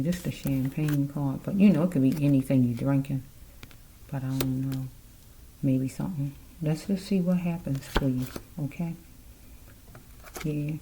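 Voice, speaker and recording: A woman's voice: low-pitched, warm tone, a little hiss or hum, rough recording. A woman giving a casual tarot card reading, rambling and musing aloud as she speaks straight to the listener.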